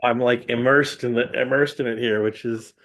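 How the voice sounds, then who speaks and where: A man's voice: mid-range voice, steady tone, normal speed, fairly bright tone. A middle-aged man, a guest in casual chat, rambling fondly through memories and chuckling often.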